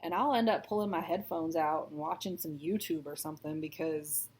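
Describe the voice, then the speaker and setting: A low-pitched, brisk, darkish female voice belongs to a stitching vlogger in her thirties, raised in Texas. She talks casually as she stitches, wandering from thought to thought and poking fun at herself.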